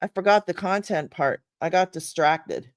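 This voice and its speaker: A woman's voice: fairly low pitch, moderate pace, dry recording, studio quality. A middle-aged woman giving a casual, chatty livestream lesson from home. She laughs often and drifts easily off track. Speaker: online business coach. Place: home room.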